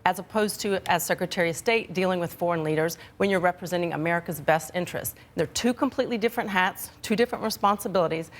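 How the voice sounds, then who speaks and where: Fast-talking female political commentator. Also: on the low side. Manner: brisk, assertive, talking-point delivery. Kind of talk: panel debate. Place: television studio.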